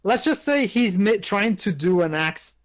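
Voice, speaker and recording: A man with a slightly higher voice rambles through a casual movie commentary. He steers the group along, often restarting his sentences as he goes. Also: lively intonation, normal speed. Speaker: commentary host.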